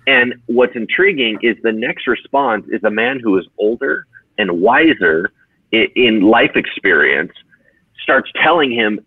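A man who is a pastor, teaching in a conversational, energetic way on a podcast. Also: lowish voice, moderate pace, slightly rough, no echo. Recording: tinny phone-like dry sound.

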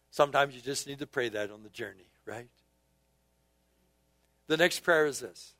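A male pastor preaches and leads his congregation in repeated call-and-response prayers, shifting between soft, quiet phrases and emphatic bursts. His mid-range voice moves at normal speed with frequent pauses, and the recording is dry.

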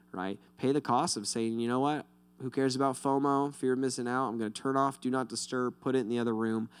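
A man's voice: medium pitch, creaky. A man pastor giving a casual, conversational sermon, talking straight to his listeners and often checking in with "right?". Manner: talks directly to listeners, often asking "right?".

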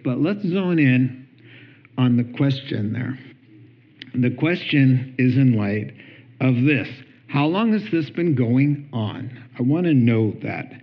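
A man preaching a sermon with animated storytelling, acting out quotes and chuckling between points. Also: medium pitch, slow, lo-fi sound. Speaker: pastor.

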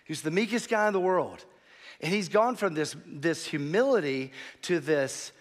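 A man preaching a sermon as pastor, animated, swinging from quiet asides to loud emphasis. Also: a little high, normal speed, in a large hall.

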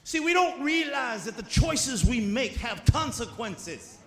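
Very high-voiced shouting male preacher. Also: sing-song, unhurried, roomy sound. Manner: fervent, shouting. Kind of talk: sermon.

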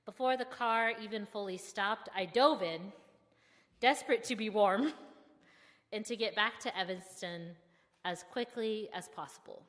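A young woman seminary student telling a personal story in a candid, self-deprecating and expressive way. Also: mid-range voice, a little slow, in a large hall.

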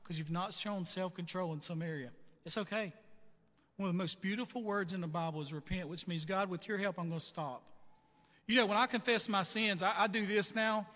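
A man's voice: high voice, brisk, sharp tone. A middle-aged man preaching a sermon with a personal testimony, telling his story earnestly and checking in with "right?" and "okay?". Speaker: pastor. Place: church sanctuary. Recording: long church reverb, faint music.

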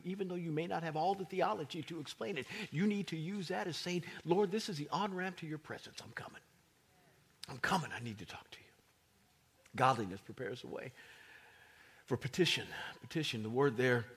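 A man preaching a sermon with animated delivery, dropping to whispers at moments. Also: on the high side, gravelly, slightly rough. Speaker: pastor.

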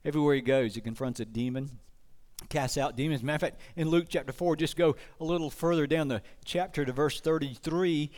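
Earnest male pastor, fairly high voice. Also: a little fast, darkish tone. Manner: earnest, asks the congregation questions. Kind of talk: sermon.

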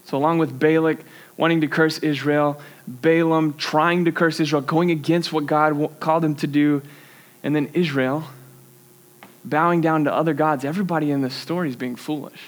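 A man's voice: fairly high pitch, steady tone, moderate pace. A young man preaching a sermon in a church, earnest and conversational, with self-deprecating asides.

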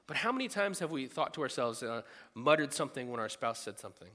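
A man preaching a sermon in a lively, animated way, breaking into loud bursts when he acts out what people think. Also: on the high side, fast talker, long reverb tail. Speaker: pastor.

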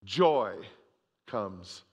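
A man preaching a sermon, reading scripture aloud and swinging between loud emphasis and hushed moments. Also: on the low side, animated, extremely slow, in a large hall. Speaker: pastor.

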